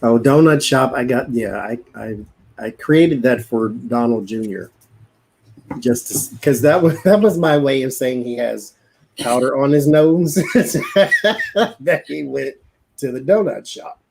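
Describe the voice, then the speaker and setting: A man's voice: medium pitch, lively intonation, unhurried, gravelly, darkish tone, slight background noise, rough recording. A man with a Southern country accent chatting casually on a livestream, rambling, interrupting himself and laughing often. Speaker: co-host.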